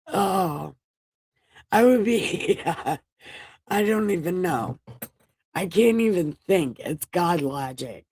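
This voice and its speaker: A woman's voice: fairly low pitch, expressive, slow pace, long pauses, darkish tone, slightly rough, no room sound. A woman hosting a casual bedtime Bible-reading livestream, joking, swearing and laughing her way through the verses.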